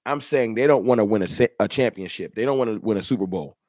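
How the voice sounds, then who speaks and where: Dude ranting live on his fan stream, lowish voice, real dry sound, keeps repeating himself. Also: quick pace, darkish tone, no echo. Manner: emphatic, repetitive, colloquial slang. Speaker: fan channel host. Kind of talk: livestream rant.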